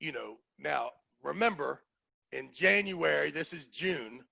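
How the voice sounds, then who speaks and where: A man with a high, gravelly, bright voice tells a story in casual chat. He talks in an animated way and acts out the people in his story. The voice is a little husky and the room is dry. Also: a little slow, no room sound. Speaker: podcast host telling a story.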